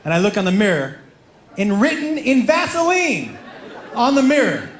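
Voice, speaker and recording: Animated high-voiced man telling stand-up stories. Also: normal speed. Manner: animated, laughing, acting out quotes with loud yelps. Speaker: stand-up comedian. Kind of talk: stand-up storytelling. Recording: echoey venue with background noise.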